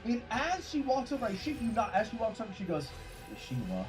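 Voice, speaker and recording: A man streaming and casually telling an animated story, swearing freely along the way. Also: extremely high pitch, fast, soft background music. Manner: animated and profane.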